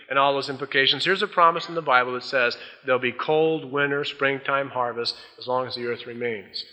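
Man, pastor, sermon, folksy, dull tape, long hall reverb. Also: on the high side. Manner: folksy, acts out quoted voices.

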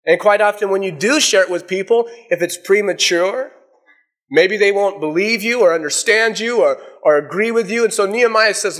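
Middle-aged male preacher with a high voice who reads scripture aloud and explains it. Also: normal speed, fairly bright tone. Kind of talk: sermon with scripture reading.

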